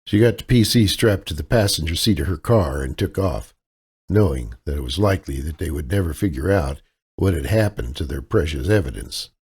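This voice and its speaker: A man reading a novel aloud as narrator, with steady, dramatic storytelling. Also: rumbling low, a little fast, slightly rough. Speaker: audiobook narrator. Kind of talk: scripted narration.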